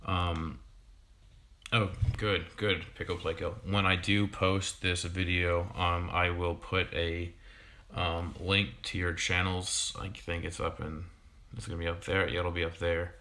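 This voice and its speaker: A man in his thirties, a fishkeeping YouTuber, chatting casually on a livestream in a halting way with many ums and restarts. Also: low-pitched, level tone, sharp tone. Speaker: fishkeeping YouTuber and sixth-grade teacher.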